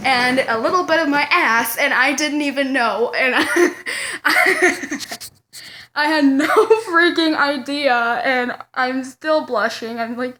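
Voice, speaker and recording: A woman's voice: high voice, sharp tone. A young woman telling a storytime vlog to the camera, giggling and dramatic as she tells it. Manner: giggly, dramatic, breaks into laughing. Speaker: vlogger.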